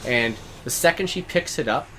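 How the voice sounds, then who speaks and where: Man, mid-pitched, rambling co-host over gameplay, swears, laughs a lot, faint hiss. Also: expressive, moderate pace, fairly bright tone. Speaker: let's play co-host. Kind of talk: casual gameplay chat.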